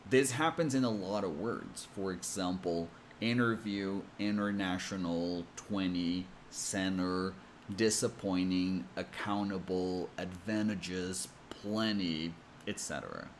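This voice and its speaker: A man with an American accent, coaching English pronunciation with slow, careful explanations. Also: low-pitched, slight background noise. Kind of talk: explanatory lesson.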